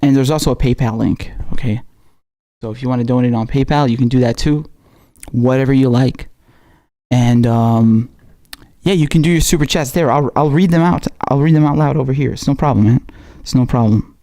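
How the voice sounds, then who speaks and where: Mellow-voiced man hosting a casual livestream. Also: medium pitch, brisk. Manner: loose and chatty, with slangy asides and self-repetition. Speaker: political commentary livestream host.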